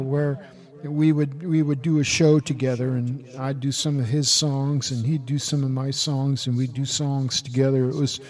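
A man's voice: medium pitch, darkish tone. An older man co-hosting a casual chat, rambling and restarting sentences as he reminisces. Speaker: podcast co-host.

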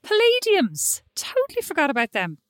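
A middle-aged woman co-hosting a casual chat, telling animated stories and teasing her friend. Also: extremely high pitch, moderate pace, no echo, studio quality. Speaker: podcast co-host.

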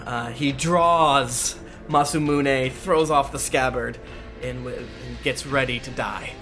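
A man's voice: medium pitch, steady tone, slow pace, music in the background. A man playing a tabletop game, describing his character's actions with hesitant fillers. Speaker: player. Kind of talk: casual tabletop play.

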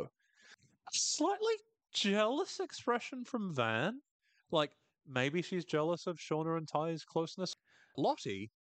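With a slightly high, fairly bright voice and no room sound, this man hosts a podcast that runs through a TV episode irreverently and loosely, full of cursing and laughter.

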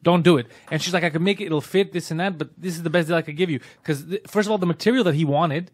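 A man co-hosting a podcast, telling a story in casual chat, often imitating people loudly and laughing. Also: fast talker. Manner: animated, mimics others with loud high voice, laughs often. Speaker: podcast co-host.

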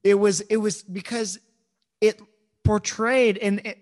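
An excitable man chatting about a movie, gushing and animated. His voice sits a bit higher than most men's. He keeps breaking into little acted-out quotes. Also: takes it slowly. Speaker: film discussion co-host. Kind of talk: casual chat.

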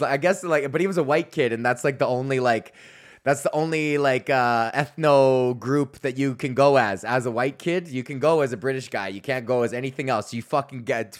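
A man in his thirties from Canada hosting a podcast, talking in a rambling, profane casual monologue with laughing asides. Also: medium pitch. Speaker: podcast host.

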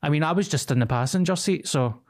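A young Glaswegian man co-hosting a podcast tells a rambling, confessional story in casual conversation. His Scottish voice is a little high and fast.

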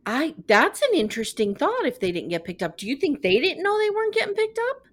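A woman's voice: high voice, huge pitch swings, quick pace. A woman hosting a TV recap podcast, chatting casually and sarcastically with plenty of "like" fillers. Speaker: podcast host.

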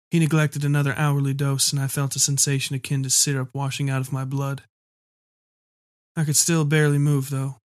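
A man narrating a first-person story in a measured, dark storytelling manner. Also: mid-range voice, dry recording, studio quality. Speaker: audiobook reader.

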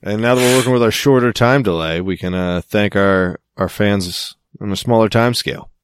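A man's voice: lowish voice, moderate pace, clean tone, no room sound. A man co-hosting a podcast in casual chat, laid-back and dry, swearing freely. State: clearing throat with hiccups. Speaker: podcast co-host.

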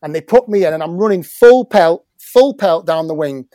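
A man's voice: on the high side, expressive, normal speed, dark tone, no echo, studio quality. A middle-aged English man telling a football story in casual chat, swearing often and stumbling over his words. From England. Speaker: guest, former footballer and musician.

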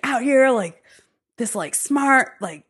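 A woman's voice: sits high, slow pace, breathy edge. A woman in her thirties, a romance author and podcast guest, telling a dating story in casual chat, giggling often and acting out the others in the story. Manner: giggly, animated, quotes others in raised voice.

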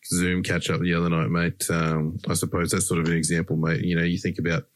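A man's voice: low-pitched, completely flat delivery, brisk, dry recording. An Australian man hosting a podcast interview, laid-back and saying mate at every turn. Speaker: podcast host. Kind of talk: casual interview chat.

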